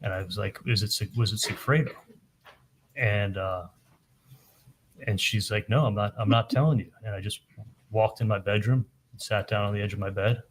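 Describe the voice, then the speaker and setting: A man on the witness stand tells his account in a halting way, stumbling over and repeating words as he retells past conversations. His voice sits low, and a faint hiss runs under the recording. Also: fairly even intonation. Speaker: trial witness testifying. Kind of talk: courtroom testimony.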